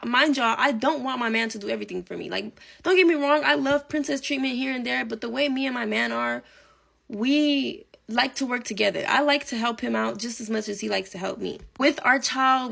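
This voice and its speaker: A woman's voice: fairly high pitch, vocal fry, a bit bright. A young woman telling a casual storytime vlog, chatty and dramatic, swearing and dropping Spanish phrases.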